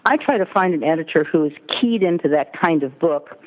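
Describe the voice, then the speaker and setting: A woman's voice: low voice, expressive, fairly quick. A woman, a literary agent, talking through her work in a chatty interview, full of "you know" and "I mean". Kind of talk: casual interview talk. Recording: tinny phone line with long reverb.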